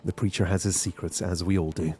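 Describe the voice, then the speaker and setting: A man's voice: low voice, steady tone, brisk, a little mellow. A man streaming a video game, chatting casually and thinking aloud as he plays. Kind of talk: casual gaming livestream chat.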